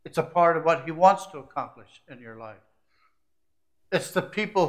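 A man preaching a sermon, shifting from hushed, confiding asides to rising, emphatic climaxes that stack short repeated phrases. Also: fairly high pitch, animated, moderate pace, long pauses. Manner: repetitive, building lists of short phrases.

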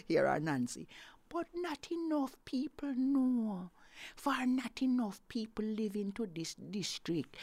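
A woman with a Jamaican accent telling an Anansi folk tale in patois, dramatic and lively, dropping into hushed whispers. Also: fairly low pitch, no echo. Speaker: storyteller.

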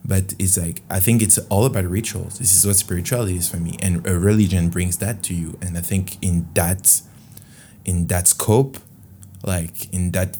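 A man's voice: low voice, warm tone, slight background noise. A man from France with a French accent, hosting a casual podcast monologue in a rambling, candid way. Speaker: podcast host.

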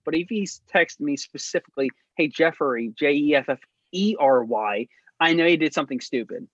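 A young man in his twenties telling stories in a loose, casual chat, his voice sitting a little high for a man. He wanders and restarts, piling up fillers as he goes. The sound is dry and a bit dull, like a lo-fi recording. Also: expressive, brisk, a bit bright, dry recording. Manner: rambling, heavy filler words. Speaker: podcast co-host.

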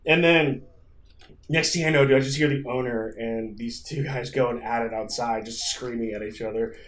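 A man's voice: medium pitch, steady tone, moderate pace, a bit bright. A man on a podcast who vents about his week in a rambling, profane storytelling manner. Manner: frustrated venting. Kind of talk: casual chat.

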